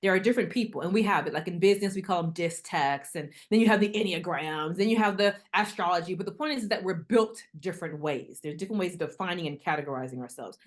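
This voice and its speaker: Woman, middle-aged, interview guest, casual, animated storyteller. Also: on the low side, quick pace, few pauses. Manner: animated storytelling, acting out quoted voices.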